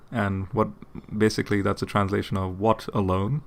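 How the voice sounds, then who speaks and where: A man with a somewhat low voice talks through a point in relaxed, explanatory commentary. He restarts phrases and repeats words as he goes, and often stops to ask "okay?" before moving on. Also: moderate pace, vocal fry. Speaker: apologetics channel host.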